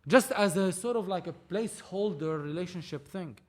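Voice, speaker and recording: A man, a film producer and podcast guest, telling a story in animated casual talk, acting out dialogue and swearing freely. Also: high-pitched, normal speed. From Lebanon.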